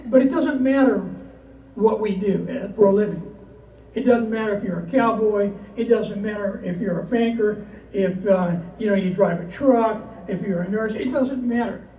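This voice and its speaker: A man's voice: sits high, normal speed, mellow, a little hiss or hum. A man performing as a cowboy poet before a live audience, telling jokes and reciting verse in a folksy storytelling manner. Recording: roomy hall from a distance.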